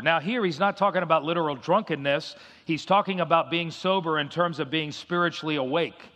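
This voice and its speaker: Emphatic middle-aged male preacher, slightly high voice, long hall reverb. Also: fairly bright tone. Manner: emphatic, repeats key phrases, reads scripture slowly. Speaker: pastor. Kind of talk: sermon.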